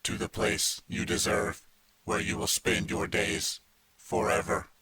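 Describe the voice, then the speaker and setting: A cold robot ghost drones each word like a computer, as a man puts on a metallic voice. The voice sits extremely low and barely moves in pitch, yet has a sharp, bright edge. It is a storybook audiobook figure, unfeeling and slow. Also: little pitch movement, slight background noise. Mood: cold, droning. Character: cold droning robot ghost of the future, male. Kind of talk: audiobook character voice.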